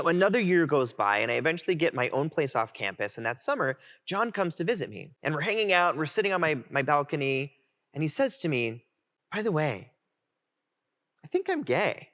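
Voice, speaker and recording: A man in his twenties giving a heartfelt keynote, telling his own story in an animated way. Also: on the high side. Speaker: keynote speaker. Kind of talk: personal storytelling talk. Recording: music playing underneath.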